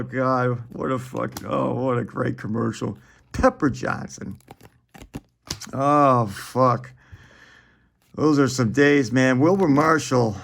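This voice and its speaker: A man's voice: medium pitch, gravelly. A man in his forties chatting casually while opening trading card packs, rambling and profane, chuckling often.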